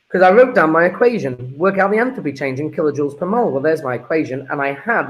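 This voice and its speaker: A male teacher works through an exam paper step by step, with a voice that sits a little high for a man. He is chatty and informal, calling his students guys and folks as he explains. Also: low-quality recording. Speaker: chemistry teacher.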